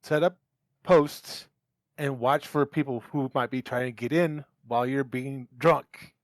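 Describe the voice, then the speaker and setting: A man's voice: medium pitch, fairly even intonation, unhurried, dry recording. A man with a mid-range voice, playing in a tabletop game. He pushes urgently and insistently for action. The recording is dry and close. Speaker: player. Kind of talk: casual tabletop role-play.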